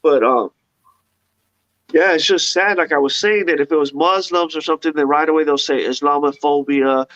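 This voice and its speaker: A man's voice: fairly high pitch, normal speed, a bit bright, dry recording. A man on a talk-show panel, speaking in a rambling, indignant way. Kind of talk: casual talk-show discussion. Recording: dull dry lo-fi sound.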